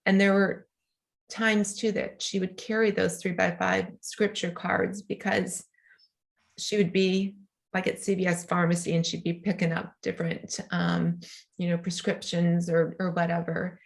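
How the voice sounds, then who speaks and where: A woman interviewed as an author, telling a family story earnestly, her voice rising and slowing when moved. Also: level tone, creaky. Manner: earnest, rises high and slows when moved. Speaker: guest author and mother.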